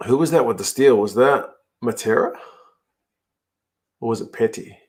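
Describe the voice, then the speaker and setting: A man's voice: mid-range voice, normal speed, darkish tone. A man hosting a live rugby watch-along, chatting casually, reacting to the play and answering viewer comments. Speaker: host.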